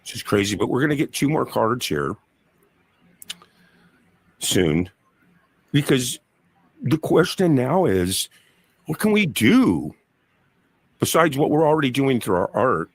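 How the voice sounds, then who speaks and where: A man hosting a livestreamed card reading, speaking in slow, mystical phrases about energy and signs. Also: mid-range voice, big pitch swings, husky. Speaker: card reader.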